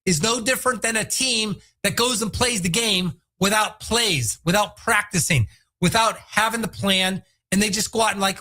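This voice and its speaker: An energetic man hosting his own real estate show, talking fast and hard-selling, sometimes bursting into loud impressions. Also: high voice. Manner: energetic, salesy, breaks into shouted impressions. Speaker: podcast host, real estate agent. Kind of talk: solo talk show.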